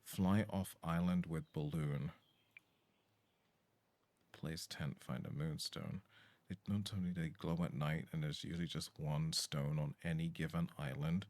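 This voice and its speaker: A man's voice: extremely low pitch, fairly even intonation, unhurried, a little mellow, no room sound. A man streaming a game from home, chatting casually, swearing and reading on-screen text aloud into a desk mic. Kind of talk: live game-stream commentary.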